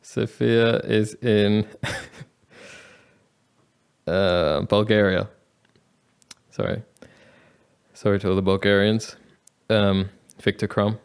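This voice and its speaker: A man's voice: fairly low pitch, fairly even intonation, slow, creaky, pauses often, smooth. A young man casually telling a travel story, rambling with many fillers and frequent laughs. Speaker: travel vlogger.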